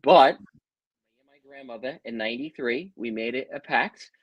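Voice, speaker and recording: A middle-aged man talks at an ordinary pitch and tells his stories in a loose, chatty way. He sounds animated and drops in "bro" and "man". The recording is dry and close, with no room sound. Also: normal speed, dry recording, lo-fi sound. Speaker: interview guest, psychic medium. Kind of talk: casual storytelling.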